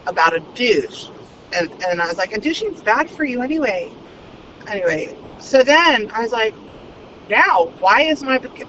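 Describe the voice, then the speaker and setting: A woman vlogging while she drives, talking in a fast, crude and unfiltered stream. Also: mid-range voice. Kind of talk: rambling monologue while driving. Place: inside a car in traffic. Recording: dull lo-fi car recording with road noise. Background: traffic noise.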